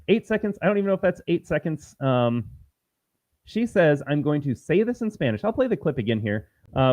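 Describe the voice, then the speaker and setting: A man's voice: a little high, darkish tone, no echo. A man hosting a political commentary livestream, talking in an emphatic, combative and repetitive way. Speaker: host.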